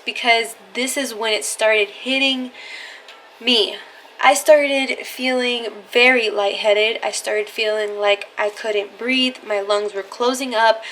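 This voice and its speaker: Young woman vlogger, slangy storyteller, swears freely. Bright, forceful voice, pitched a little high. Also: a little hiss or hum. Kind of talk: casual storytelling.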